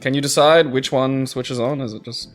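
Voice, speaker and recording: A man co-hosting casual let's-play commentary, full of crude jokes and quick giggles as he asks about the game. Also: mid-range voice, steady tone, soft background music. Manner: jokey, giggly, crude quips. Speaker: co-host watching the game.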